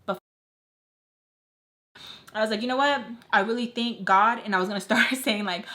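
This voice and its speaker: A woman's voice: fairly high pitch, moderate pace, pauses often. Young woman doing makeup and spilling a storytime, rambly, tons of fillers, acts out what people said. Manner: rambling, filler-heavy, quotes people in animated bursts. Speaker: storytime vlogger. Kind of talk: casual storytime chat. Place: at home, doing makeup on camera.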